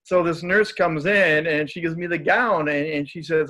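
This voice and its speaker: A man's voice: fairly high pitch, moderate pace, pushed and bright. A man who is a guest speaker, telling stories in a casual, upbeat and joking way. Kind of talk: casual storytelling in conversation.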